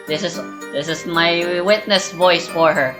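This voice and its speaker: A woman's voice: on the low side, measured pace, music in the background. A woman playing through a courtroom game with a friend, reading lines aloud, laughing and swearing freely. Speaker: let's play reader. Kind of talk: casual game playthrough banter.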